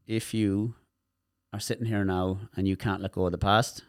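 A man's voice: low-pitched, flat delivery, normal speed, no room sound, studio quality. An Irish man, a therapist guest in a casual interview, explaining things animatedly and often repeating words.

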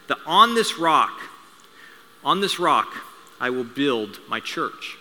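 A man preaching, acting out a calm, patient male teacher speaking quietly. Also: mid-range voice, takes it slowly, heavily acted. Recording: reverberant hall sound.

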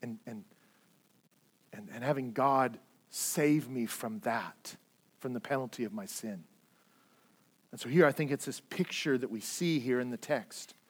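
A man preaching a sermon as pastor, earnest, repeating words as he stresses points and swinging between loud and hushed delivery. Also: medium pitch, a little slow, pauses often, slightly rough.

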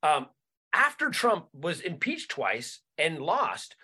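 A man's voice: a little high, wildly swooping pitch, slow, bright, forceful tone, husky. A man co-hosting a comedy podcast in a casual political rant, cursing freely and restarting his sentences while he hunts for words. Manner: profane, repeats words while searching for them, restarts often.

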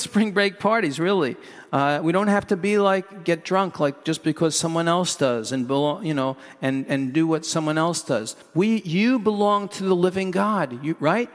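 Guy preaching, kinda rambly and chatty, slightly high voice, big hall echo. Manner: conversational, rambling, with asides and laughs. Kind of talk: sermon.

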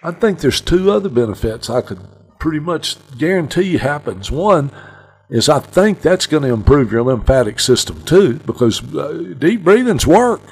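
A man's voice: fairly high pitch, big pitch swings, moderate pace, a little mellow, breathy edge. A man hosting a radio talk show, chatting and speaking straight to the listeners. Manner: chatty, addresses listeners directly.

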